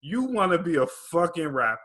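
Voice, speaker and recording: A man's voice: on the high side, big pitch swings, a little fast, pushed and bright. A man co-hosting a podcast, talking things through casually and checking in with "right?". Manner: laid-back, reasoning aloud with frequent "right?". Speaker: podcast co-host. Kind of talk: casual chat.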